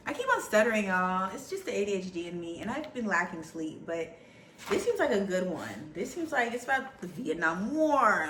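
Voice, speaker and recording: A young woman vlogging casually about books, chatty and animated, often saying "y'all.". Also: medium pitch, a little fast. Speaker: book vlogger. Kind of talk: casual chat. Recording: echoey room, faint background hum.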